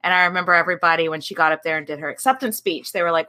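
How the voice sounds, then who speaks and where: A woman's voice: lowish voice, fairly even intonation, racing, bright, forceful tone. A woman from Texas, a podcast guest, chatty and laughing as she tells stories. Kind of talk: casual podcast chat.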